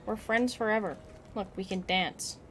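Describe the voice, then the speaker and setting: A woman's voice: mid-range voice, moderate pace, a little hiss or hum. A woman streamer chatting casually and playfully while she plays a video game. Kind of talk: casual gaming stream chat.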